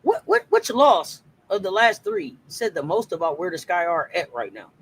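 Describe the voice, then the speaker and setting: A man's voice: sits high, huge pitch swings, normal speed, creaky, a bit bright, slightly rough, rough recording. A man co-hosting a casual sports talk show, joking and stammering over his words. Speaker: sports podcast co-host.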